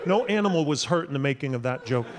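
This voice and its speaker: A man works a comedy club crowd in a high, bright register. He is wry and punchy, and he jumps into loud impressions for the punchlines. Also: lively intonation, quick pace, noisy background. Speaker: stand-up comedian. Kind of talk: stand-up comedy set.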